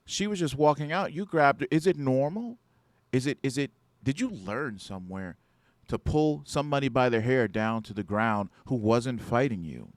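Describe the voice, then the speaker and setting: A man's voice: mid-range voice, animated, moderate pace, dry recording, pitched above the performer's own voice, close to an everyday voice. A man voicing a skeptical male police officer who questions a security guard in an exasperated tone.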